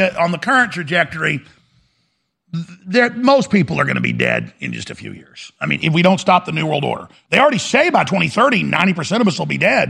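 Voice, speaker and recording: A man's voice: high-pitched, a bit bright. A man hosting a talk show, delivering an urgent, fiery monologue full of repetition. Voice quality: gravelly. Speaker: radio talk host. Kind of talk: impassioned monologue.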